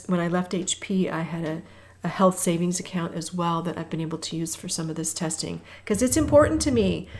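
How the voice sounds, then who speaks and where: Chatty woman talking while power-walking. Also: medium pitch. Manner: a little breathless at times. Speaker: health coach and host. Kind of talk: walking workout talk.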